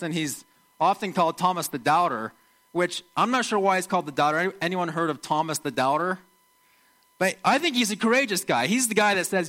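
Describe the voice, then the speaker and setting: A man gives a relaxed, chatty sermon in a bright, ringing voice pitched a little above average. He slips into short impressions of the people in his stories. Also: poor audio. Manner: conversational, animated, acts out quotes. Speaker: preacher.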